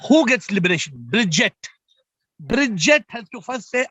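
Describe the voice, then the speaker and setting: High-voiced man giving an emphatic spiritual talk. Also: expressive, normal speed, pushed and bright, no room sound. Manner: emphatic, repetitive, addresses listeners directly. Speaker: spiritual teacher. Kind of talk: spiritual talk on a group call. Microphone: video call.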